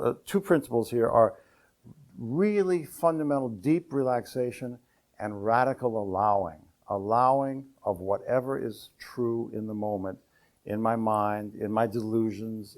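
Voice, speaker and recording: A man, an enneagram teacher, explaining principles in a calm, measured cadence. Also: mid-range voice.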